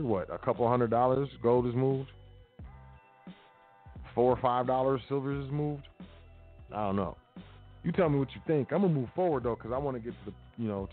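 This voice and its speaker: A man hosting a casual talk show, reading news aloud and commenting with sarcasm and loose slang. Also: medium pitch. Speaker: podcast host. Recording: tinny phone-like line.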